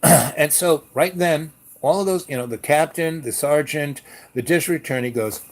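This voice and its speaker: A man's voice: on the high side, normal speed. Rambling older man telling a story. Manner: rambling, frequent fillers and self-corrections. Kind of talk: casual spoken storytelling.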